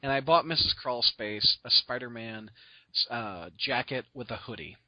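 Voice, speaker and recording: A man hosting a podcast, telling stories in an excitable, rambling way full of restarts and laughs. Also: medium pitch, normal speed, muffled recording, background noise. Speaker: podcast host. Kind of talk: casual storytelling chat.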